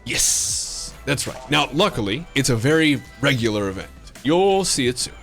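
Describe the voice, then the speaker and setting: Animated, jokey man streaming. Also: mid-range voice, moderate pace, creaky. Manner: jokey, rambling, playfully flirtatious banter. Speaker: live game streamer. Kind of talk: casual chat with stream viewers. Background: faint background music.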